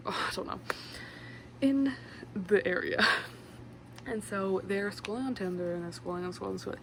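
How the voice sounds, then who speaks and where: A woman's voice: medium pitch, creaky. A young woman casually summarizing a book at home, rambling with lots of fillers and side comments. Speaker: book vlogger. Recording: noisy room with a fan running.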